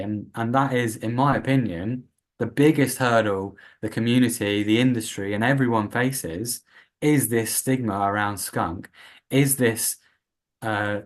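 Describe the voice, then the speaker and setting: A man from the UK talking casually as a guest on a podcast interview, animated and acting out the voices he quotes. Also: mid-range voice. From United Kingdom. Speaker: patient advocate guest.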